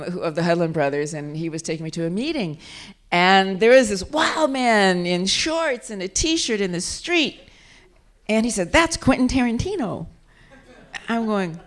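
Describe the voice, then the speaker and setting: A woman being interviewed as an actress and author, telling animated anecdotes with laughter and frequent restarts at a live event. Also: fairly low pitch. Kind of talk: casual interview storytelling.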